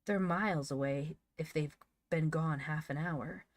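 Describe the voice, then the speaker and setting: A woman's voice: low voice, measured pace, dry recording. A woman voicing a blunt, plain-spoken little boy in a storybook reading. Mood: curious. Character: cool then fearful little boy.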